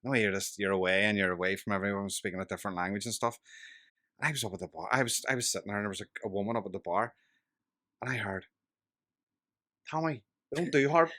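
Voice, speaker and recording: A man with a Belfast accent, a podcast guest telling lively anecdotes, swearing freely and laughing at his punchlines. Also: on the low side, rapid-fire, dry recording, clean studio sound. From West Belfast, Northern Ireland. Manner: animated yarn-spinning, swears freely, laughs through punchlines. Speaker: podcast guest, local politician. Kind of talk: casual storytelling chat.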